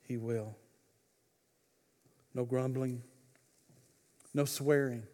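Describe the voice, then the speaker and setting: A man preaching a sermon, swinging between loud, fervent exhortation and hushed, intimate pleading. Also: medium pitch, steady tone, extremely slow, big-room sound. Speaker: pastor.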